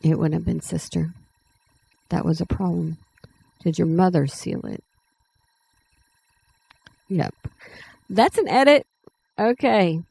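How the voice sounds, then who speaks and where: A middle-aged woman hosting a writing channel, reading her own story draft aloud in a plain, unhurried way with small self-corrections, then talking to her viewers. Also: on the low side, creaky, dark tone, breathy edge, low-quality recording.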